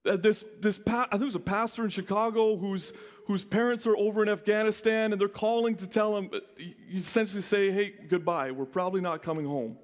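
A male pastor giving a lively, conversational sermon, often restarting his sentences. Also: sits high, quick pace, big-room sound.

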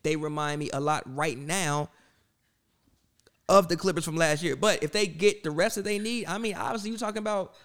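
A man's voice: on the high side, brisk, fairly bright tone. Insistent young man debating sports. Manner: insistent, talks over others, repeats himself. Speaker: co-host.

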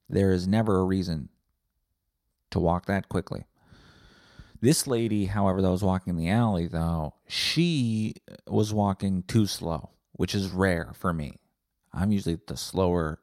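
Low, dark-voiced man ranting sarcastically. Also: no room sound. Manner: rambling, sarcastic, swears a lot. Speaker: podcast host. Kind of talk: comedic profane rant.

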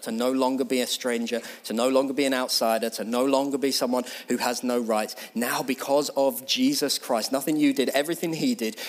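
A man preaching a sermon as pastor, building passion through repeated phrases and then sinking to a hushed, near-whispered prayer. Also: medium pitch.

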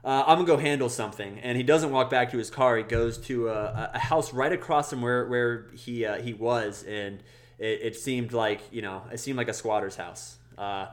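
Casual man telling a wild story. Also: moderate pace. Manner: animated, acts out quoted people in a high voice. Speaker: podcast co-host.

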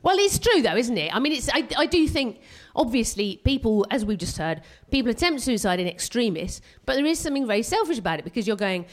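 A woman doing a live stand-up set on a theatre stage, self-mocking and excitable, tripping over her own restarts. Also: a little high, a little fast, few pauses. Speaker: stand-up comedian.

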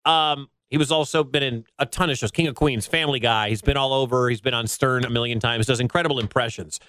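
A man's voice: mid-range voice, fast, a bit bright, clear, resonant tone, no room sound. A man hosting a radio sports show, introducing his guest in a chatty, joking way.

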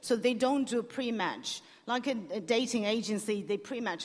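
A woman panelist explaining how a dating show works, talking in halting bursts with many restarts. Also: fairly high pitch. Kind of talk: panel discussion. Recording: echoey hall on stage.

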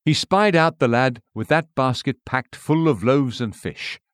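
A man reading a sermon aloud in a measured, earnest way, full of rhetorical questions. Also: medium pitch, no echo, studio quality. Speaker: preacher.

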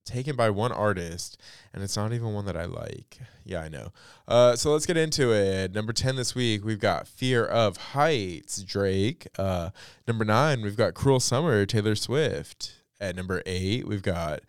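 A man's voice: on the low side, clean tone, no room sound, studio quality. A young man hosting a casual pop culture podcast alone, chatty and blunt, with lots of fillers and some swearing. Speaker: podcast and radio host.

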